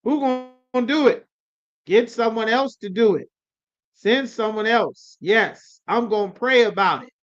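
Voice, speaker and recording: High-voiced man teaching a livestream class. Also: a little slow. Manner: calls on students, chiding and coaxing, slangy. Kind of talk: live online class, casual preaching. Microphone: video call. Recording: lo-fi livestream audio.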